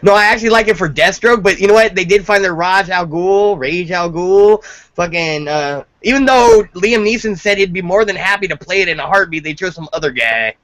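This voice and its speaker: A man co-hosting a casual video-call chat, brash, crude and quick with jokes. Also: high-pitched, fairly bright tone. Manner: brash, crude, rapid joking. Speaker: podcast co-host.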